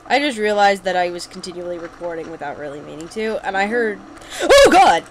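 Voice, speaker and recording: A young woman giving casual, excitable commentary while playing a video game, with sudden yelps and running chatter. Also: on the low side, fast talker, poor audio. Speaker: let's play gamer.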